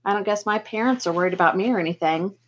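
A woman voicing a quiet, sensitive teenage boy who is scared but earnest, in a storybook reading. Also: medium pitch, very fast, lightly acted. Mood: pleading.

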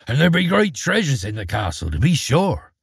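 Guy doing a rustic rambling innkeeper, husky, lively up and down. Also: medium pitch, moderate pace, no room sound, clean studio sound, heavily acted. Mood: hushed. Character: gossipy village innkeeper, middle-aged man.

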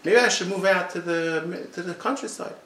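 A man voicing a naive young prince who wants to leave the palace, speaking in a hushed, slightly higher tone. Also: normal speed. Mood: wistful. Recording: roomy echo.

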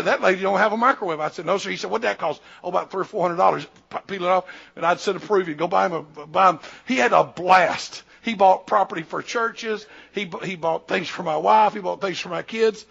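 A man's voice: sits high, gravelly, fairly bright tone, husky. A man, preaching a sermon in a folksy storytelling way and acting out dialogue, in a church. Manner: folksy, acts out dialogue in quotes. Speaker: pastor and missionary. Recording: dull lo-fi church recording.

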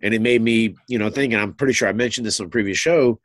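A congested man co-hosting a sports podcast, thinking aloud in a halting, casual way. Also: on the low side, no room sound. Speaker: podcast co-host.

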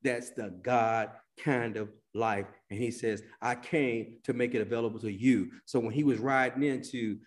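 A man's voice: mid-range voice, steady tone, moderate pace, few pauses. Preaching man with swinging dynamics. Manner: dynamic preacher, swings between loud emphasis and hushed drops; acts out quoted voices in colloquial speech. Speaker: pastor. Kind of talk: sermon.

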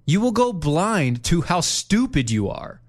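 A man co-hosting a podcast in casual chat, blunt and quick with wisecracks. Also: a little high, sing-song, a little hiss or hum. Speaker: podcast co-host.

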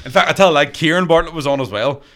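A man's voice: fairly high pitch, fast, a bit bright. A man, a stand-up comedian, telling profane stories in casual chat and laughing as he goes. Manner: profane, laughing through his own stories. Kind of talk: casual podcast storytelling.

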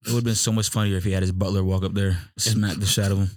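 A man's voice: low voice, flat delivery, very fast, darkish tone, no room sound, studio quality. A man co-hosting a casual podcast, laid-back, steering the talk with questions. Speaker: podcast co-host. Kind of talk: casual banter.

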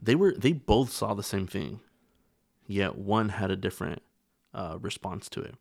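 A man with a gravelly, fry-laden voice, talking earnestly on a podcast. His pitch sits fairly low and the sound is dry and close. He often restarts mid-phrase. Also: lively intonation, normal speed, darkish tone, no room sound. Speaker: podcast co-host. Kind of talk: casual podcast discussion.

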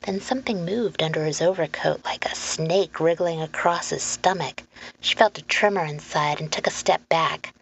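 A woman reading a children's story aloud in a calm, even narration. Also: deep voice, normal speed, vocal fry. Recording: muffled lo-fi recording, faint hum.

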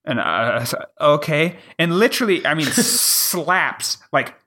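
A man with a bright, forceful voice retells a mishap on a podcast. He swears freely, acts out each quoted line, and sits a little higher in pitch than most men. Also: measured pace. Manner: profane, animated retelling with acted-out quotes. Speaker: podcast co-host. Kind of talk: casual storytelling chat.

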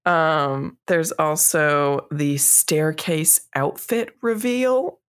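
A woman's voice: low-pitched, very slow. Chatty woman running through a list. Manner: chatty, runs through lists with light swearing. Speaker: podcast co-host. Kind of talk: casual chat.

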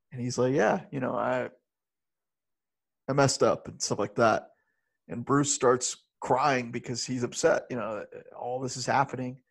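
A man co-hosting a casual movie review chat, animated and often laughing as he talks. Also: medium pitch. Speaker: podcast co-host.

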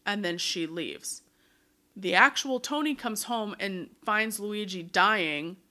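Bright, lively woman podcast co-host. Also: mid-range voice, slow pace. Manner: animated storyteller, lots of "like". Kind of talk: casual chat recapping a musical.

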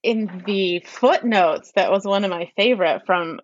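A woman's voice: medium pitch, measured pace. A woman in a casual religious discussion who speaks earnestly and reads quotations aloud with feeling. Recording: dry, slightly muffled audio.

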